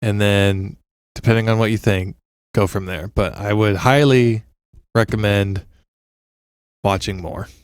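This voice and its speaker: A man co-hosting a podcast in casual chat, telling animated stories and leaping into high excited impressions. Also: a little slow, clean tone, dry recording. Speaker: podcast co-host.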